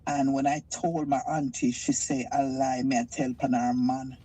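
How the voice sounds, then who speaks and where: A Jamaican woman calling in to a live talk show, telling her story in an emotional, halting way with a stutter. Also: a bass voice, flat delivery, dark tone, slight background noise, poor audio. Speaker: caller. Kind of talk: call-in testimony.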